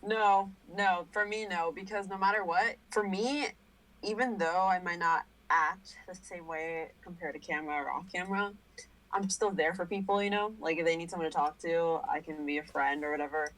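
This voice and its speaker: A woman's voice: fairly low pitch, steady tone, normal speed, a bit bright, low-quality recording. A young woman on a casual podcast, talking hesitantly with lots of fillers. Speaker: podcast guest.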